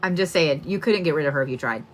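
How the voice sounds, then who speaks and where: A woman's voice: sits low, expressive, fast talker. A young woman giving a casual psychic reading, laughing often and swearing freely. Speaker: psychic medium. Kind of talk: live-stream reading.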